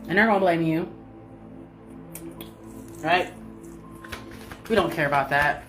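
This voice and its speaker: A woman with a mid-range, slightly bright voice works as a spiritual reader, delivering a message to her viewers. She's emphatic and repetitive, swears freely, and calls the listener baby.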